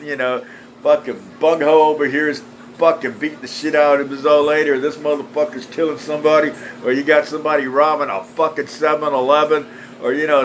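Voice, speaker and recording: A man's voice: a little high, fairly bright tone, slight background noise, low-quality recording. Foul-mouthed man ranting scornfully. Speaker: video ranter. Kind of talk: angry profane rant.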